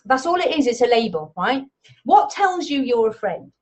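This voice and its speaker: A middle-aged woman coaching an online audience on speaking, animated and addressing them directly with frequent check-ins. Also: a little high, normal speed. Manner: animated, talks straight to the audience with frequent "okay?". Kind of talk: live online coaching session.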